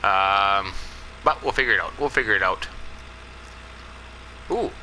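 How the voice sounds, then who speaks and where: A man's voice: on the low side, measured pace, bright, forceful tone, slight background noise, low-quality recording. A man casually narrating his farming game in a folksy, rambling way, with chuckling asides. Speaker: let's play host.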